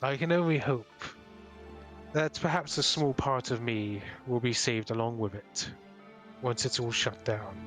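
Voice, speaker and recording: A man's voice: mid-range voice, a bit bright. A man narrating as the game master of an online tabletop role-playing game, with faint music behind.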